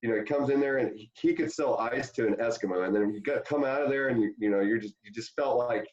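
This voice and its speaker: A man's voice: medium pitch, fast talker. A man, a former pro ballplayer, telling rambling anecdotes full of fillers in a casual interview. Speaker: former pro baseball player, guest. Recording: dull lo-fi sound.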